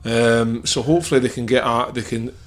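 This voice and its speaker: A Scottish former footballer weighing up a match in relaxed podcast chat, steady and considered. His voice is mid-pitched, with a faint hiss under it. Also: fairly quick.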